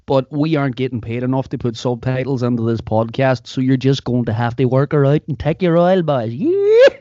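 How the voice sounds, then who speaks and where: A man's voice: medium pitch, a little fast, mellow, dry recording. A man with a Derry accent hosts a podcast in loose, joking banter. The recording is dry and a little dull, as if from a small home setup. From Derry, Northern Ireland. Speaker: podcast host. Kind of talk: casual chat. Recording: dry, slightly dull sound.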